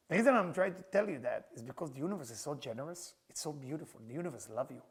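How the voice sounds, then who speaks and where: Male rabbi, workshop lesson, lively swooping intonation, gravelly edge, fairly high voice, laughs a lot. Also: very fast, few pauses. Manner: animated storyteller, laughs often. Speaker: rabbi and teacher. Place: class or workshop room with a group.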